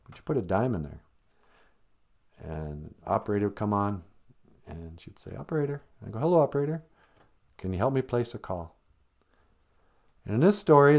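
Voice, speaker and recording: A man's voice: mid-range voice, darkish tone. A man hosting a live podcast, telling a rambling, self-deprecating story in a casual, conversational way before playing a song. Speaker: podcast host and musician.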